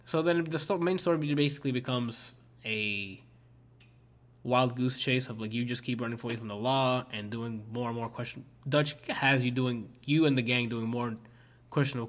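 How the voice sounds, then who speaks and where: A male streamer in a loose, casual chat, his voice at an ordinary middle pitch. He rambles, restarts and leans on filler words, with plenty of swearing mixed in. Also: normal speed, fairly bright tone.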